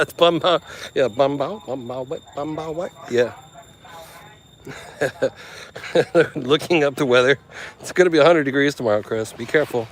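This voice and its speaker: A man strolls through a seaside town, thinking aloud and cracking jokes for his travel vlog. He talks slowly and loosely, in an ordinary mid-range voice, the easy commentary of someone exploring a place on foot. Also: medium pitch, a bit bright, a little hiss or hum, rough recording. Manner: joking, chatty, thinking aloud. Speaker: travel vlogger. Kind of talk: casual walking vlog commentary.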